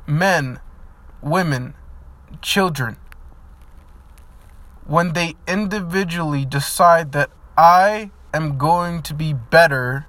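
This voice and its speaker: Slow, earnest man giving a pep talk. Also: on the high side, fairly bright tone. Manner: heartfelt, rambling with many fillers, turning emphatic and blunt. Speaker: vlogger. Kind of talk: earnest motivational monologue.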